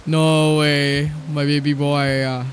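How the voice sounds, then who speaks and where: Excitable man streaming a game, higher voice. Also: takes it slowly. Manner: chatty and excitable, jumps high in pitch when surprised, swears casually. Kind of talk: casual game-stream commentary, reading game dialogue aloud. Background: faint background music.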